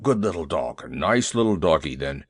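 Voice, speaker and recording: A man's voice: a bass voice, big pitch swings, moderate pace, breathy edge, no echo, studio quality, voice pushed down, full character voice. A man voicing a nervous, bumbling male army elephant who blusters and frets easily. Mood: fretful. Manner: fussy, blustering, easily frightened.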